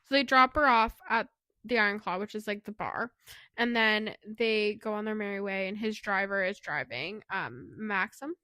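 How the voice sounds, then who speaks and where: A woman's voice: mid-range voice, normal speed, bright, forceful tone, no echo. A woman co-hosting a casual book podcast, summarizing plot in a chatty way with many fillers. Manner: chatty, filler-heavy, laughs easily. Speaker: podcast co-host. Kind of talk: casual book review chat.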